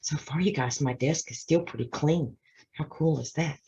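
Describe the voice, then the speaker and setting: A woman's voice: deep voice, normal speed, warm tone, husky. A woman hosting a casual card-making tutorial at her craft desk, chatting her way through each step with self-deprecating asides. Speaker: craft channel host. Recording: slightly dull lo-fi sound.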